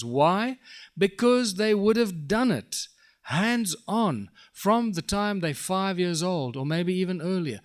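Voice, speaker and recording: A man presenting a workshop to a live audience, speaking emphatically and asking rhetorical questions. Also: a little high.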